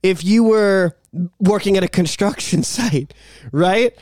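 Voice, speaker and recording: A man co-hosting a casual podcast, animated and profane, acting out shouted bits in comic stories. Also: sits high, slow pace, no echo. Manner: animated, swearing, acts out loud shouted bits. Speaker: podcast co-host. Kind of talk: casual chat. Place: small home studio.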